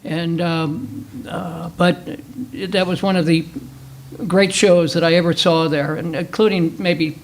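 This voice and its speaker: A man's voice: fairly high pitch, fairly even intonation, unhurried, gravelly, a little hiss or hum, low-quality recording. An older man on a panel, rambling through memories of concerts with many fillers. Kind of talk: casual storytelling on a panel. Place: museum talk before a small audience.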